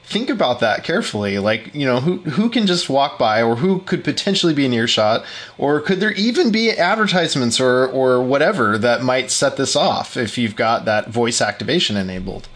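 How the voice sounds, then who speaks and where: A man co-hosting a podcast talks in a casual, hesitant way. He restarts his sentences often and chuckles now and then. His voice sits at a middle pitch. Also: big pitch swings, moderate pace, fairly bright tone. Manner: hesitant, many restarts and fillers, laughs often. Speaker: podcast co-host.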